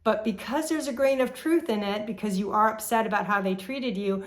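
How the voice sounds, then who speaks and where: A woman hosting a relationship advice talk, explaining calmly and speaking straight to her viewers. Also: medium pitch, a little fast. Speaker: relationship therapist host. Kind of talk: educational talk to camera.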